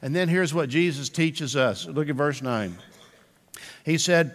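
A male pastor preaching a sermon in a conversational way, slowing down to repeat key phrases for emphasis. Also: a little high, fairly bright tone, in a large hall.

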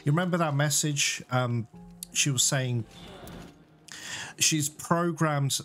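A man's voice: on the high side, takes it slowly, a bit bright, soft background music. A man giving casual, emotional gameplay commentary as a let's play host, talking straight to his viewers. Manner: chatty, emotional, keeps addressing viewers.

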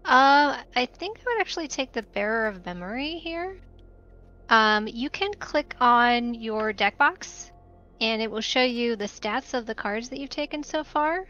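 Slow, bright-voiced woman explaining a card game. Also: fairly high pitch, expressive, lo-fi sound, faint music behind. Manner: patient, explanatory, laughs often. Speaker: guest co-host explaining the game. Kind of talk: casual game stream chat.

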